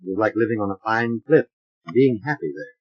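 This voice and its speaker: Male audiobook narrator, husky, lo-fi vintage recording. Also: lowish voice, lively intonation, a little fast. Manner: dramatic, varied character voicing. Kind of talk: expressive audiobook reading. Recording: dull lo-fi transfer of an old record.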